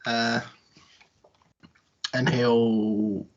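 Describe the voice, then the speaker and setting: A man playing a casual tabletop game hesitantly describes what his character does, speaking extremely slowly in a flat, medium-pitched voice. The audio is dull and lo-fi.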